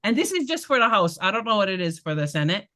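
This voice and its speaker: Speaking fast in a medium-pitched, slightly bright, sing-song voice, this political candidate talks to her neighbors at a community meeting. She's passionate and blunt, with laughing asides.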